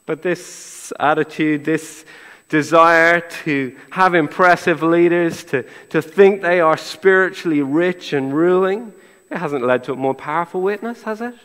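A man's voice: a little high, measured pace, fairly bright tone, big-room sound. A middle-aged man preaching a sermon in a conversational way, with rhetorical questions and a playful, sarcastic humor. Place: church.

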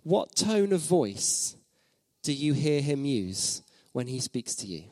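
A man's voice: mid-range voice, very animated, slow pace, warm tone, no room sound. Reflective male pastor preaching. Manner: reflective, repeats phrases for emphasis, asks the listeners questions. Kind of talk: sermon.

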